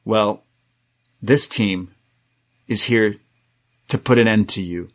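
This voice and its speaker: A man's voice: on the low side, takes it slowly. A man co-hosting a wrestling review podcast, chatting casually and slipping into exaggerated impressions of wrestlers' promos. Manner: animated, mimics wrestlers' promos in exaggerated voices.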